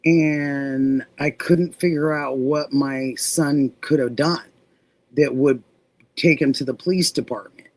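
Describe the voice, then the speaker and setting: A woman hosting a live stream, greeting chat and telling a personal story in a relaxed, drawn-out way. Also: extremely low pitch, no room sound. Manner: reads viewer comments aloud, drawn-out storytelling.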